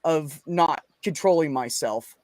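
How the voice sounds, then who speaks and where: A man's voice: fairly high pitch, a little slow, no echo. A man in a casual podcast chat, telling a long story in a rambling, profane way. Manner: profane, rambling storyteller acting out his own lines. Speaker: podcast host.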